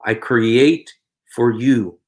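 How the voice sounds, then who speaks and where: A man's voice: medium pitch, drawn-out words, a little mellow. A man preaching earnestly in a video, pleading with viewers and repeating his phrases over and over. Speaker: Christian preacher and video host. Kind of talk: evangelistic vlog appeal.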